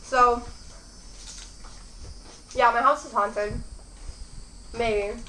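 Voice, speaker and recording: A young woman with a fairly high voice rambles casually through a mukbang, chatting between bites. She is recorded in an echoey room at home. Faint crickets sound in the background. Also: steady tone, drawn-out words, sharp tone, slight background noise. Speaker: mukbang host. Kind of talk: casual chat while eating.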